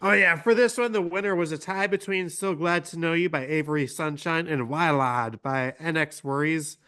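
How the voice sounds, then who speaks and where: Young man, podcast co-host, casual chat, laughs a lot, slightly high pitch. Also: moderate pace, pushed and bright, clear, resonant tone. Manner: laid-back, laughs often.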